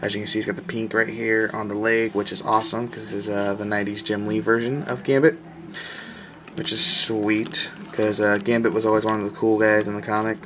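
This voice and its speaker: A man's voice: fairly low pitch, little pitch movement, fairly quick, background noise. A man giving a casual video review of a toy, talking in an enthusiastic, slangy, rambling way.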